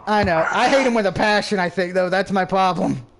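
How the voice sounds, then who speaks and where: A man's voice: high voice, a little fast, gravelly. A man hosting a casual sports picks stream, joking, laughing often and swearing. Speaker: host.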